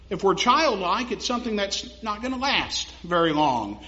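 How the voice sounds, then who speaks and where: A young man delivers a sermon in a high, bright voice. He talks to his congregation casually and laughs at his own anecdotes, then builds to emphatic appeals. The recording sounds muffled and lo-fi. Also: big pitch swings, normal speed, hardly any pauses. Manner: conversational preaching, laughs at own stories, rises to emphatic. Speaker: pastor. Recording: dull lo-fi sound.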